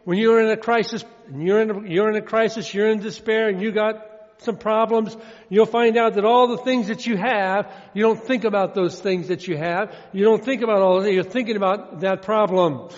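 A man's voice: high-pitched, fairly even intonation, normal speed. A man preaching a sermon in a folksy style, repeating his points and drawing out the verses he quotes. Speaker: pastor. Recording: long reverb, dull lo-fi sound.

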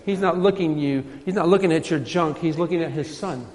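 A man's voice: a little high, fairly quick, a little mellow. A man preaching a sermon in a church, emphatic and repetitive, his voice rising when he quotes scripture. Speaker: pastor. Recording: hall reverb.

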